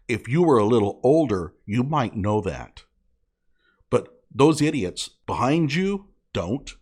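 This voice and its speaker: A man's voice: medium pitch, slightly rough. A man delivering an indignant, sarcastic commentary rant, scolding as he talks. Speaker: online commentator.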